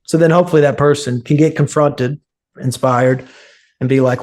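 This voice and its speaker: A man of middle pitch speaks as a podcast guest, earnest and unhurried in his storytelling. He slips into the voices of the people he quotes, then returns to his own even tone. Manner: earnest, acts out quoted speech. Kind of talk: casual storytelling interview.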